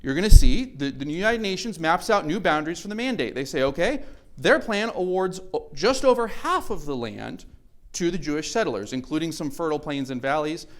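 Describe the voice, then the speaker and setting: A man's voice: on the high side, expressive, a little fast. A middle-aged man giving a conversational history lecture with slides at a church conference, acting out the quoted voices of the sides he describes and correcting himself as he goes. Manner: conversational, acts out quoted speakers, self-correcting. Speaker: conference speaker.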